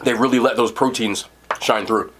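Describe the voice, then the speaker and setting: A young guy from New Jersey reviews food in a casual eating vlog, talking enthusiastically with his mouth full. His mid-range voice is fairly bright, with fairly even intonation and a moderate pace, and there's slight background noise.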